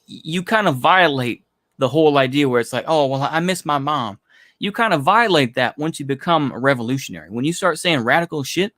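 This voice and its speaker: A man's voice: a little high, fairly bright tone, no echo, studio quality. A man delivering a blunt, profane opinion monologue in a casual, rambling way, with lots of filler phrases. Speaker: commentary channel host.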